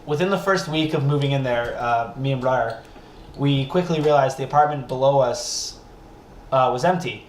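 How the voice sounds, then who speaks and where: A man's voice: mid-range voice, moderate pace. A young man hosting a podcast, telling a funny story casually and animatedly, with frequent swearing and laughter. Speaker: podcast host. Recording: roomy echo, faint noise.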